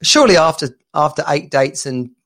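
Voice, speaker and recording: A man with a somewhat high, gravelly voice hosts a loose, chatty live show. He rambles and laughs easily as he talks over a video call. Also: expressive, a little fast, a bit bright. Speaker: podcast host. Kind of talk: casual live-stream chat.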